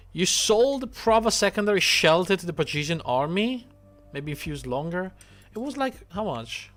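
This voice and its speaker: A man's voice: a little high, fairly bright tone. A man streaming a game, chatting casually, thinking aloud and swearing now and then. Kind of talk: casual gameplay commentary.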